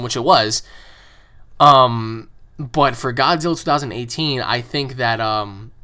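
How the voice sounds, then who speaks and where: A man's voice: medium pitch, pushed and bright. A man hosting his own channel, answering fan questions in a rambling, profane monologue full of repeated words. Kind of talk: casual opinionated monologue.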